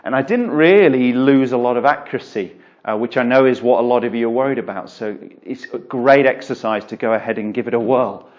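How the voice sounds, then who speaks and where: A man who is a golf coach, explaining and demonstrating a drill in a relaxed, chatty way with frequent fillers, in an indoor golf studio. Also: medium pitch, brisk. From England. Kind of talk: instructional video lesson.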